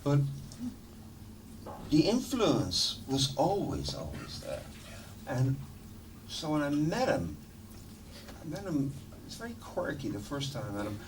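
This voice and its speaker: A middle-aged man, a musician guest in an interview, telling stories in a lively, laughing, swearing manner. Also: fairly high pitch, unhurried, long pauses. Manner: animated, swearing, laughing storyteller. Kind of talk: casual storytelling interview. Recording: distant mic with noticeable background noise.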